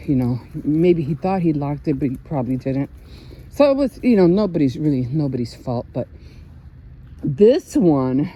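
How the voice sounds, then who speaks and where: An older woman chats casually on her home vlog, rambling through a story with lots of laughs and little restarts. Her voice sits low and mellow, with a soft husky edge. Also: highs cut off. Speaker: vlogger. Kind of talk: casual chat.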